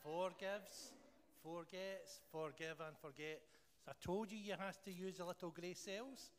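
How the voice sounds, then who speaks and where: A Scottish man leads a church gathering, praying and then hosting a jokey quiz with the congregation. His voice sits a little high for a man. The sound carries a long reverb from a church hall, with a faint hiss of noise underneath. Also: unhurried. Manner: playful, jokey, animated with the room. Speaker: church leader.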